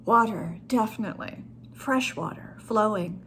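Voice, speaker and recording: A woman's voice: medium pitch, measured pace, a bit bright, a little hiss or hum, close to an everyday voice. A woman voicing an ancient female water nymph who answers in a wry, amused, evasive way in a storybook reading.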